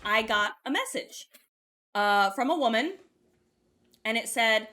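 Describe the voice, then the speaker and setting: A young woman casually telling a story on a podcast. She is animated, swears freely, laughs mid-story and acts out quoted voices with big jumps in pitch. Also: measured pace, long pauses.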